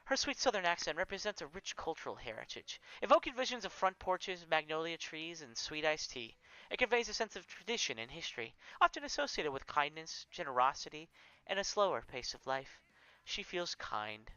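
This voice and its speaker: A man's voice: a little high, big pitch swings, fairly quick, bright, forceful tone, clean tone, no echo, highs cut off. A man reading his story aloud on a live stream, with small slips and corrections.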